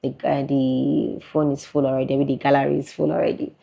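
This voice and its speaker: A woman's voice: rumbling low, level tone, a little fast, creaky, husky. A woman with a Nigerian accent chatting casually in an interview, laughing often. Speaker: interviewee, content creator. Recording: muffled lo-fi recording.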